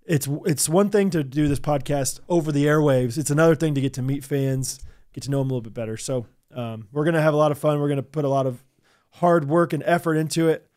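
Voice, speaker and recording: A man co-hosting a casual podcast, his voice sitting a touch higher than most. He jokes along with his co-host and laughs easily, keeping the banter loose. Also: quick pace, darkish tone. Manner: joking, laughs often. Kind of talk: casual chat.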